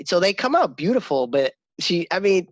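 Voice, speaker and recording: A man chatting casually about his kids, rambling and animated, often laughing and acting out his daughter's lines. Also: sits high, moderate pace, dry recording. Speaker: father, co-host. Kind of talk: casual podcast chat.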